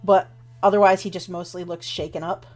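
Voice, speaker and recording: A woman's voice: on the low side, steady tone. A woman running a tabletop game as game master, narrating at an easy pace with many fillers. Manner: unhurried, with many fillers like um and kinda.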